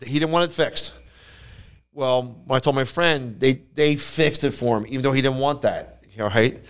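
A man with a smooth, clear voice tells animated stories on a casual podcast. He slips into higher voices when he quotes the people in them. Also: normal speed. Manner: animated storyteller who jumps into high voices for quoted people. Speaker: podcast co-host. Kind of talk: casual storytelling chat.

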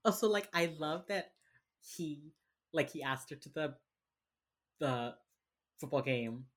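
A woman with a very deep, husky voice chats through a TV episode recap. She retells scenes with animation and slips into the characters' lines as she goes. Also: lively intonation, slow pace. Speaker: podcast co-host. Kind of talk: casual chat recapping a TV episode.

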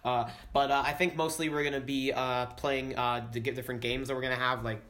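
A man's voice: mid-range voice, flat delivery, a little fast, a bit bright, faint music behind. A man chatting casually as a regular guest, rambling and hesitant. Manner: hesitant, rambling, lots of fillers. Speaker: regular guest on a camp feature. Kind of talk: casual chat.

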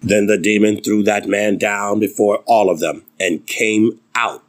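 A man preaching a sermon, reading scripture with emphatic, dramatic delivery and big swings in pitch. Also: steady tone, a little slow.

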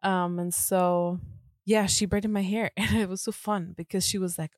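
Woman co-host, lowish voice, dry close mic, animated storyteller who laughs easily. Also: normal speed, no echo. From Germany. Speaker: podcast co-host. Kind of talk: casual storytelling chat.

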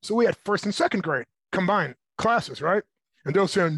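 A middle-aged man being interviewed, telling personal stories in a lively way and acting out the voices of people in them. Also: high voice, a little fast, gravelly, husky, no room sound, rough recording. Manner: animated, acts out voices in his stories. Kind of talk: personal storytelling.

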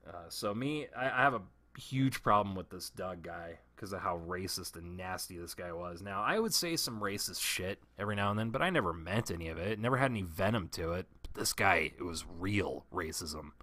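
A man's voice: deep voice, expressive, fairly quick, few pauses, bright, forceful tone, no room sound. A man telling a long personal story in a casual, profane, rambling way, often restarting his sentences.

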